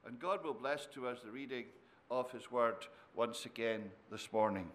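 A man's voice: mid-range voice, moderate pace, fairly bright tone. A man preaching an expository sermon, often turning points into tag questions and adding dry humor.

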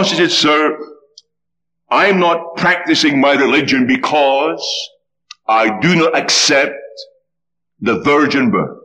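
A man preaching a sermon, telling a story with dramatic, animated delivery. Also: medium pitch.

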